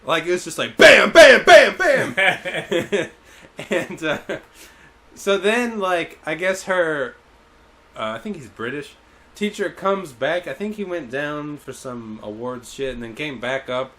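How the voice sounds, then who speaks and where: A man streaming a game and chatting casually, telling a story with animated retellings, putting on other people's voices, and laughing often. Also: fairly high pitch, a little slow, a little hiss or hum. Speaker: teacher at a camp in Japan. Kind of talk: casual chat while gaming.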